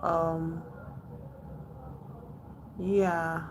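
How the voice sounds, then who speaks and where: A woman's voice: low-pitched, level tone, extremely slow, a little hiss or hum. A woman hosting a casual livestream, reading and answering chat while rambling and repeating herself. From Nigeria. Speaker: livestream host.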